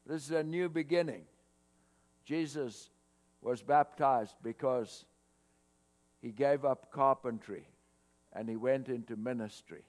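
A man preaching a sermon to his congregation, swelling louder on scripture quotes. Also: mid-range voice, takes it slowly, long pauses. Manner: expressive preaching, rising loud on scripture quotes. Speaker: pastor. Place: church hall, cold morning. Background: mains hum.

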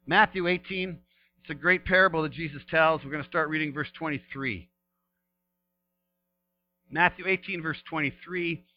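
High-voiced man preaching a sermon. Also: moderate pace, long pauses, dull audio, slight background noise. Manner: animated preaching, voice rising to emphatic peaks then dropping soft. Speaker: pastor. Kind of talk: sermon with scripture reading.

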